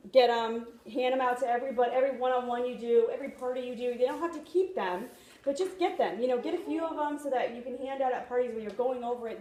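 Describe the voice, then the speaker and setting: A woman's voice: fairly high pitch, darkish tone. A young woman giving a chatty motivational talk at a sales training meeting, often checking in with "you know what I mean?". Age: young adult. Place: meeting room. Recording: echoey room.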